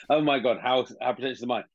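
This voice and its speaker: A man's voice: mid-range voice, a little fast, highs cut off. A man co-hosting a podcast, chatting casually in a jokey, rambling way with mocking asides. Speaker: podcast co-host. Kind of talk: casual chat.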